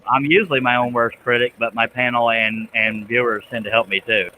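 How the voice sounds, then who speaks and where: A man's voice: mid-range voice, steady tone, brisk, noisy background. A man hosting a live stream, chatting casually and joking about himself while he draws a pattern. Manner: talks while drawing, restarts and self-deprecating jokes. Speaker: host.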